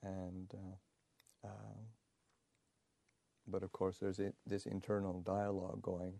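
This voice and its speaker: A man, a Buddhist monk, telling a story in a dharma talk, halting with many pauses and fillers and chuckling along the way. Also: deep voice, completely flat delivery, creaky, warm tone, no room sound.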